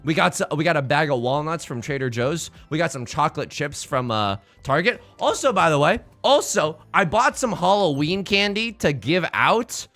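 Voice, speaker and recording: A man's voice: on the high side, sing-song, normal speed, hardly any pauses, a bit bright, soft background music. A man live-streaming a game, chatting casually and jokily, rambling and repeating his own phrases while greeting viewers. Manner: greets chat by name mid-sentence. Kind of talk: casual stream chat with gameplay commentary.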